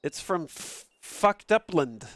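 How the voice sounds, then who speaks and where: A man casually commentating a game stream from an upstairs room at home, excitable and profane, laughing often. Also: a little high, slow pace, dry recording.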